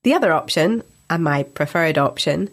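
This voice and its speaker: Woman podcast host, low register, chatty, laughs at herself. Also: expressive, moderate pace, faint music behind. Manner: chatty, self-deprecating, laughs easily. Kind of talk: casual podcast chat.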